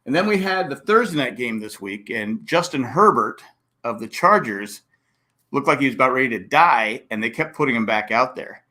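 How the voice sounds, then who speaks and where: A man hosting a casual sports podcast, talking fast and acting out coaches' and fans' reactions. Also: mid-range voice. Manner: animated, acts out coaches and fans with exclamations. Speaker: podcast host.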